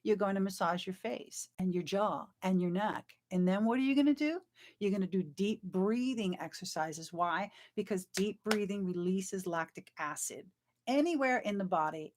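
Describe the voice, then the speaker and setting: A woman vocal coach teaching a live online singing class in a chatty, encouraging way, breaking off to sing short demonstration sounds. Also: on the low side.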